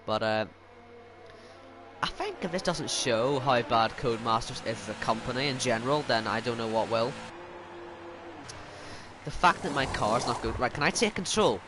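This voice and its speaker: A man with a medium-pitched, lively voice commentates live on his own online racing game at a moderate pace, leaving long pauses. He sounds self-mocking and exasperated as things go wrong around him. Game engine noise and the roar of racing cars sit behind him.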